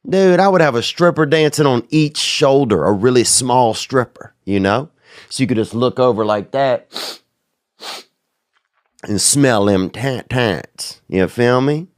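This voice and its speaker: A man's voice: mid-range voice, no room sound, clean studio sound. A sick, sniffling man hosting a podcast, riffing in a crude, slangy, rambling comic monologue. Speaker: podcast host.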